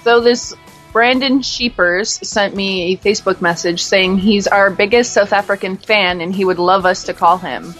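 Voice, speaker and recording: A woman's voice: mid-range voice, steady tone, moderate pace, fairly bright tone, soft background music. Blunt teasing woman co-host. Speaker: prank call show co-host. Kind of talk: casual chat.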